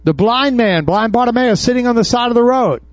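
A man preaching to his congregation in a high voice, tossing out questions and acting out Bible scenes. The sound is dry and a little dull. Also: expressive, fairly quick, dry recording. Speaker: pastor. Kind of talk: sermon. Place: church before a congregation.

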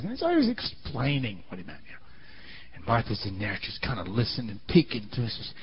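A man's voice: medium pitch, huge pitch swings, brisk, highs cut off. A man preaching a sermon in a dramatic storytelling style, often asking the audience questions.

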